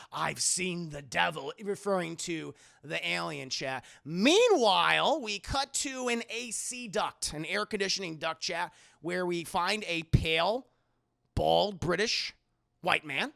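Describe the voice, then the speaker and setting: A young man with a high, bright voice and a heavy gravelly fry runs through a movie scene by scene for his live chat. He is sarcastic and profane, and he keeps slipping into quick impressions of the characters. The delivery is casual and riffing, never scripted. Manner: sarcastic, jokey, swears freely, acts out characters in quick asides. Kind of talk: casual profane film recap.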